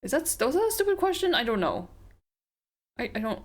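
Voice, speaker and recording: A woman chatting casually over a story game, rambling and mocking herself with the odd swear. Her pitch swings widely, and game music plays steadily behind her. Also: big pitch swings, fairly quick, long pauses. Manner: self-deprecating, rambling, swears. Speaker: let's play streamer.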